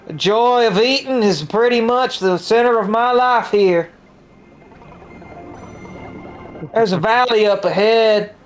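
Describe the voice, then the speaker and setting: A woman voicing a laid-back middle-aged country man with a put-on Southern drawl in a fan dub of a game, slow and deadpan. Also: a little high, soft background music, lightly acted. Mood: easygoing.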